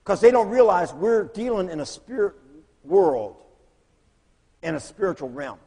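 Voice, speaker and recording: A man preaching, telling lively stories and acting out the voices of the people in them. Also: sits high, measured pace, slightly rough. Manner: animated storyteller, acts out voices in quotes. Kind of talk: storytelling sermon. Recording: long hall reverb.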